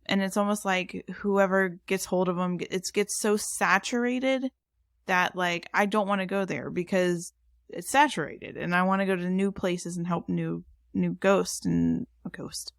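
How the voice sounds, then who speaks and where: A woman's voice: on the low side, steady tone, measured pace, creaky, dry recording, studio quality. Chatty woman co-hosting a podcast. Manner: chatty, rambling, many fillers and restarts. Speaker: podcast co-host. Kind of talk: casual chat.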